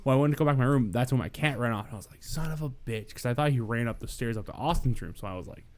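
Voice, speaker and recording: A man's voice: medium pitch, a little mellow. A man co-hosting a podcast, rambling through a story with lots of swearing and quoted asides. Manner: rambling, profane, quick to quote himself. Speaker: podcast co-host. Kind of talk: casual storytelling chat.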